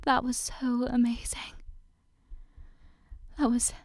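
A woman's voice: high voice, steady tone, slow, a little mellow, husky, no room sound, full character voice. A woman voicing a devoted, possessive non-human young woman lover in an adult audio role-play, breathless and pleading. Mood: whispered, tender.

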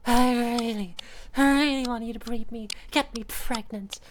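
A young woman voicing a submissive, adoring catgirl pet in an intimate audio role-play, breathy and pleading. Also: on the high side, steady tone, moderate pace, slight background noise, close to an everyday voice. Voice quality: breathy, sighing. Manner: pleading, devoted.

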